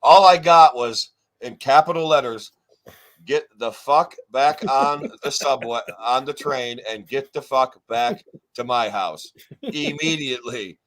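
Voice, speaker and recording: Male co-host, loose rambling storyteller, curses freely, average pitch. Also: unhurried. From New York State. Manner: rambling, profane, animated retelling. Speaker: podcast co-host. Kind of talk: casual storytelling chat.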